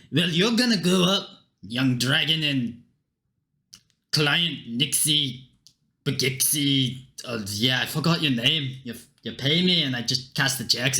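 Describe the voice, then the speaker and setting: A man improvising a story as a dragon, playful and lowering his voice in character. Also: very animated, normal speed, pushed and bright. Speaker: role-play partner playing a dragon.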